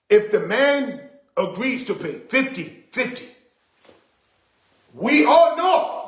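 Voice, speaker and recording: A middle-aged man with a fairly high voice delivers an indignant, preachy rant straight to camera, hammering his points home by repeating them. The sound bounces around an echoey room. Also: fairly bright tone. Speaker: vlogger. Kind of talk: ranting monologue to camera.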